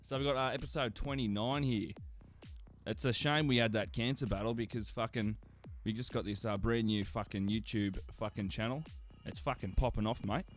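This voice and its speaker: A man's voice: lowish voice, steady tone, moderate pace, soft background music. Rambling, foul-mouthed Australian man. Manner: rambling, crude and sarcastic, heavy swearing, many fillers. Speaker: radio show host. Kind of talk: casual profane radio banter.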